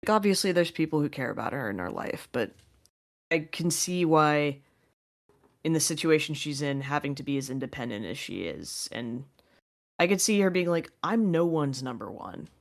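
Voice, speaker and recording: A woman with a low voice co-hosts a podcast. She rambles through her thoughts with many fillers and restarts, in an easy, casual way. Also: big pitch swings, normal speed. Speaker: podcast co-host. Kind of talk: casual recap chat.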